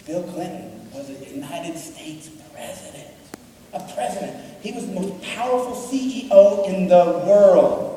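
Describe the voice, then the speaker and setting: Animated male speaker in an echoey hall. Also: medium pitch, far from the mic, slight background noise. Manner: acts out voices in his anecdotes, jokey. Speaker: motivational speaker at a school assembly. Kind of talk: animated storytelling speech. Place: large school hall or gym.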